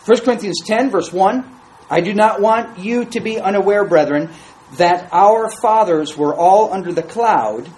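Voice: mid-range voice, unhurried, darkish tone, rough recording. A Bible study teacher reading scripture aloud to a class and commenting on it in a conversational way, asking the group questions.

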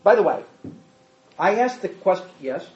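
Male Bible teacher, high voice, emphatic and repetitive, quizzing the group; muffled, roomy recording. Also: very animated, moderate pace, darkish tone. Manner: emphatic, repeats points, quizzes listeners. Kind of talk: teaching Bible study, reading and explaining scripture. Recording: dull echoey room recording.

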